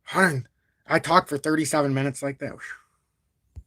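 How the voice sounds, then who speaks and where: A man hosting a crypto live stream, talking at length in a blunt, calm and even tone while reading out viewer super chats. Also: fairly high pitch, unhurried, dry recording, studio quality. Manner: talkative and blunt, reads super chats aloud; calm, even-toned delivery even when annoyed. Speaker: crypto livestream host. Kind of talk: live-stream market commentary.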